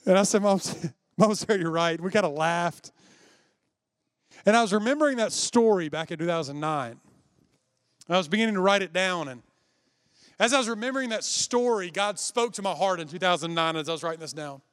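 A man's voice: sits high, animated, a little fast, pauses often, fairly bright tone, smooth. A man preaching a sermon, telling a personal story in a conversational way and speaking directly to the congregation. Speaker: pastor.

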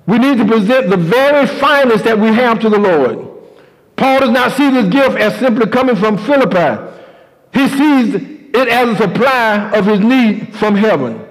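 A man's voice: very high voice, animated, normal speed, in a large hall, poor audio. A man preaching a sermon and telling a story, emphatic and repeating key lines.

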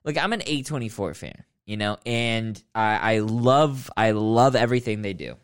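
With a smooth, lowish voice at a moderate pace, this podcast host ranks films through a rambling, sarcastic rant played mock-serious, punctuated by sudden outbursts.

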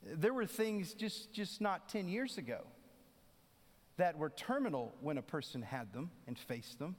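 A man's voice: on the high side, big pitch swings, unhurried. A man preaching a sermon in a conversational way, acting out the voices of the people he quotes. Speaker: pastor. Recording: long hall reverb.

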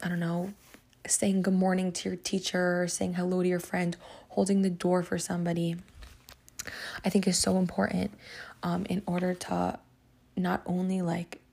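A woman's voice: on the low side, completely flat delivery, moderate pace, creaky, a little mellow. A woman hosting a podcast lesson, telling a story in a chatty, casual way full of "like" and "um.". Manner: chatty, filler-heavy, lots of "like" and "um". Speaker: podcast host teaching Psalms.

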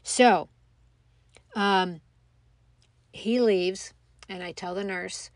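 A middle-aged woman telling a personal story in a reflective, halting way, with many pauses and fillers. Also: medium pitch, fairly even intonation, no room sound. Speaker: mother telling her story.

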